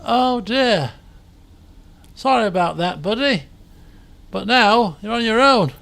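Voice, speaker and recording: This game streamer has a high, pushed and bright voice with vocal fry, speaking at normal speed with expressive delivery. In casual let's-play commentary he chats through a video game, thinks aloud and jokes at his own expense.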